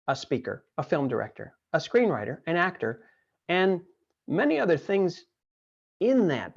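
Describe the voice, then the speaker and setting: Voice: medium pitch, gravelly, lo-fi sound. A podcast host interviewing a guest in casual chat, enthusiastic and chatty, often repeating phrases.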